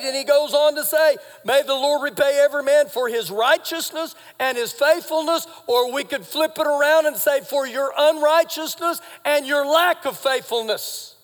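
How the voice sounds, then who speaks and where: A man preaching live in a church hall, his voice very high for a man and ringing with long reverb. He swings from shouting to hushed, confiding retellings of scripture. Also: moderate pace. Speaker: pastor. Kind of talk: sermon. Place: church sanctuary.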